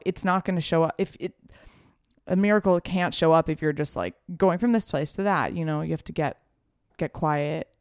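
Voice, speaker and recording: A woman's voice: lowish voice, a little mellow, clear, resonant tone, dry recording, clean studio sound. A woman in a casual podcast chat, agreeing readily and talking in a chatty, open way.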